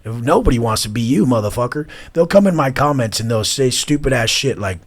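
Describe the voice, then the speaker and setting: A man in his thirties, a guest in an interview, talking bluntly and profanely, mocking people and bursting into loud imitations. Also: mid-range voice, expressive, brisk.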